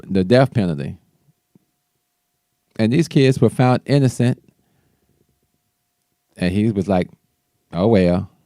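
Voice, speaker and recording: A man with a low, mellow voice talks politics on his own show. He speaks loosely, stumbling and restarting as he goes. The sound is dry and close, with no room around it. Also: no echo. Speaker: show host. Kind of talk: casual political commentary.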